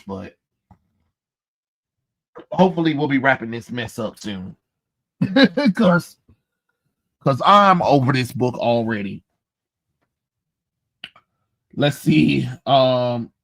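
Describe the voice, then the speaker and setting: A man's voice: mid-range voice, gravelly. A man live-streaming a comic book reading, making sarcastic, dismissive, rambling asides while his allergies give him a runny nose.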